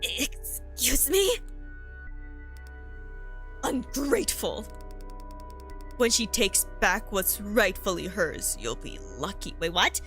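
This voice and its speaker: A woman streamer voicing a creepy, rude old man who mutters threats in a slow, low voice. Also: very animated, a bit bright, faint music behind, exaggerated voice. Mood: menacing.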